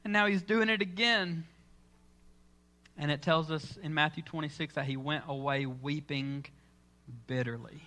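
A man's voice: fairly high pitch, fairly even intonation, measured pace, long pauses, bright, forceful tone. A man preaching a sermon in church, telling the story with dramatic, acted-out lines. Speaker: pastor.

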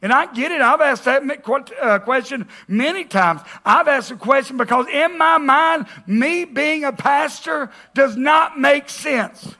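Male pastor, lively joking sermon delivery with shouted peaks, gravelly high voice. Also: measured pace, hardly any pauses. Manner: animated and joking, bursts into shouts.

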